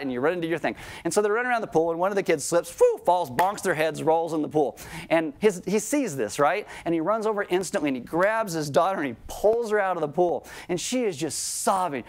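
A middle-aged man preaching a sermon to his congregation in a conversational tone, slowing right down on key lines. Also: high-pitched, expressive. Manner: conversational preaching, slows down for emphasis. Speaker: pastor.

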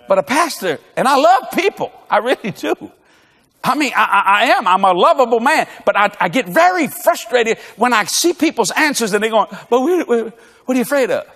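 A man's voice: extremely high pitch, sing-song, normal speed, long pauses, fairly bright tone. An older man preaching a comedic sermon, telling stories and acting out dialogue with bursts of laughter. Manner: storytelling with acted dialogue and frequent laughter. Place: large church auditorium. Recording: long echo of a large church hall.

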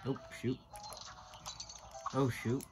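A woman's voice: very deep voice, flat delivery, extremely slow. A woman rambling through casual gameplay commentary, muttering and poking fun at herself, swearing when she fails. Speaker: gamer. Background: game music.

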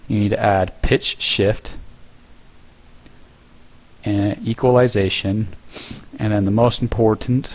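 A man casually talking through a tutorial step by step, relaxed, with fillers and self-corrections. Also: lowish voice, highs cut off. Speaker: video tutorial host. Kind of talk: casual screen-recorded tutorial.

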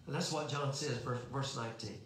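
A man's voice: medium pitch, fairly even intonation, brisk, fairly bright tone, a little hiss or hum. A man preaching a sermon in a folksy, emphatic way, asking rhetorical questions. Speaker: pastor. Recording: very echoey room.

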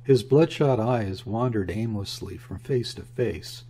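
A man narrates a classic novel for an audiobook in a measured, even manner. His voice is low and husky, with a mellow, darker tone.

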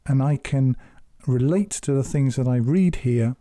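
Man explaining scripture slow and earnest, super warm low tone, no room sound. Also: no room sound, studio quality. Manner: measured, deliberate, earnest exhortation. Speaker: Quran commentator. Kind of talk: spoken scripture commentary.

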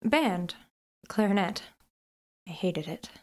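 A woman's voice: mid-range voice, expressive, slow, darkish tone. An actress playing a frightened, reclusive woman being questioned in a radio play, answering hesitantly and evasively.

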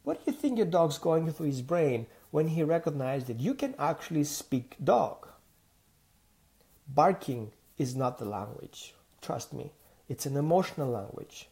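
A man from the Mediterranean, a dog trainer giving an animated teaching monologue full of rhetorical questions and acted-out dialogue. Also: on the high side, measured pace, vocal fry.

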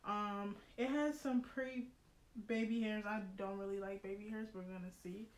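A young woman vlogger chatting excitedly to her viewers, slangy, and quick to laugh. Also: mid-range voice. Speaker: beauty vlogger. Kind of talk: casual unboxing chat to viewers. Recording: roomy echo, faint noise.

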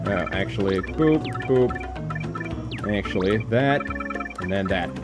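A man's voice: lowish voice, animated, slow, over loud music. A man casually commenting while streaming a video game. He is laid-back, swears, and laughs at the game.

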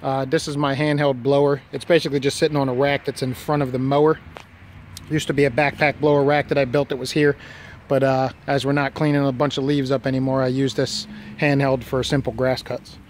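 A man's voice: medium pitch, flat delivery, a little fast, slight background noise. A man giving a casual walkaround of his work trailer outdoors, rambling and matter-of-fact with many fillers. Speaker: property preservation worker.

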